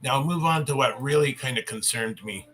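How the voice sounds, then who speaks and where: Man, 50s, language teacher, livestream Q&A, rambling, restarts, bright tone, mid pitch. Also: brisk, poor audio. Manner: chatty, rambling, with restarts and chuckles. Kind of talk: casual livestream Q&A lesson.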